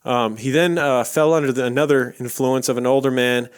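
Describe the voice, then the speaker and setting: A man's voice: medium pitch, fairly even intonation, fairly quick, clean tone. A man co-hosting a casual true crime podcast, retelling an outlaw's life in a loose, joking way with plenty of fillers and swearing. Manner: laid-back storytelling, swears casually, many fillers. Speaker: podcast co-host.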